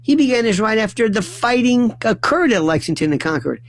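A man's voice: high voice, very animated, brisk, no room sound. Rambling late-night radio host, man. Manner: rambling, self-interrupting, with sudden loud outbursts. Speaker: radio talk show host.

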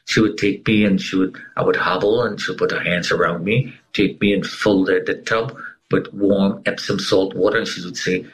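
A middle-aged man giving an emotional personal testimony as an interview guest, telling it dramatically with big swings in pitch. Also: steady tone, normal speed, rough recording.

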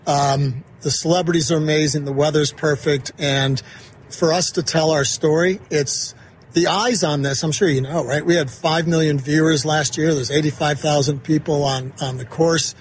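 A man's voice: on the high side, fairly even intonation, moderate pace, a little hiss or hum. A man who runs an investment firm, chatting as a guest in a casual interview and telling stories with lots of fillers. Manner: chatty, storytelling with many fillers. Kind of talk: casual interview at a golf tournament. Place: outdoor broadcast studio at a golf event.

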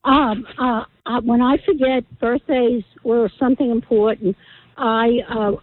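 Hesitant woman caller, somewhat high, phone-line sound. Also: steady tone, measured pace, slight background noise. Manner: hesitant, stops to find words. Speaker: radio caller. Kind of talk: phone-in chat.

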